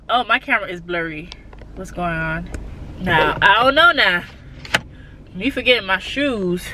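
A woman's voice: mid-range voice, very animated, moderate pace, pushed and bright, slight background noise. A woman in her twenties vlogging from her car, chatty and nervous, swearing freely as she talks straight to her phone camera. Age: 20s. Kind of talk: casual vlog monologue. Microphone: handheld phone or camera.

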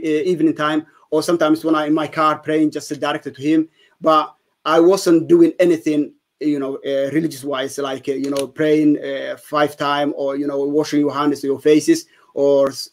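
A man from Somalia telling his conversion testimony in an interview, speaking in halting English with many fillers and restarts. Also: a little high. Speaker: guest giving testimony.

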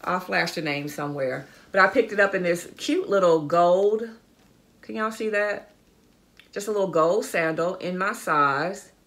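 Woman, middle-aged, casual haul vlog, enthusiastic, bright crisp tone, lowish pitch. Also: unhurried. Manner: chatty, enthusiastic, addresses viewers as y'all and guys. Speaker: fashion vlogger. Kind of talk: casual haul video chat.

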